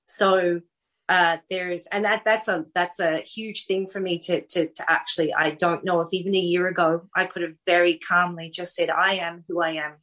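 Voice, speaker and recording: A woman's voice: lowish voice, normal speed. A middle-aged woman with an Australian accent, a guest author telling stories animatedly in a casual podcast interview. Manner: warm, animated storytelling with laughs.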